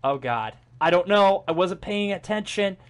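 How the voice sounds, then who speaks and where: A young man giving casual gameplay commentary, jokey, swearing a lot and exclaiming loudly. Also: high-pitched, lively intonation, moderate pace, slight background noise. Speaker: gaming streamer.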